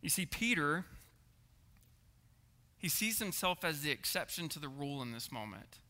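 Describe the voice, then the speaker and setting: A man's voice: a little high, big pitch swings, normal speed, sharp tone. A man preaching a sermon, earnest, repeating words and checking in with the congregation. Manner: earnest, repeats words and asks the room "right?". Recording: echoey hall reverb.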